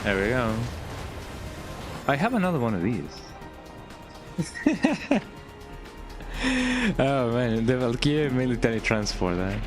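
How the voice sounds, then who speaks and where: Male streamer, lively voice, casual "eh?" tags, game music underneath. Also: mid-range voice, takes it slowly, long pauses. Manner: tags nearly every line with "eh?", chuckles often. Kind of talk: casual gameplay commentary. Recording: game music playing behind.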